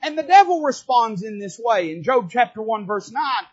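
Brief: high-pitched male preacher, emphatic pulpit sermon, muffled lo-fi recording. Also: animated, normal speed, breathy edge. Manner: emphatic preaching that builds to shouting. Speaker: pastor. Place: church pulpit.

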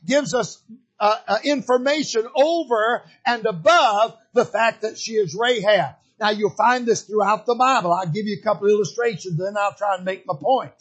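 A man preaching a sermon in a folksy, storytelling way, repeating phrases and pausing on frequent fillers. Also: high voice, fairly bright tone, slightly rough.

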